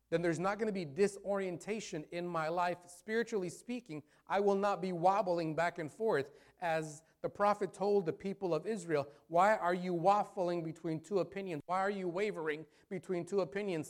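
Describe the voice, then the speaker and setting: A man preaching a sermon as pastor, rising into loud appeals and falling to hushed, prayerful tones. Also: high voice.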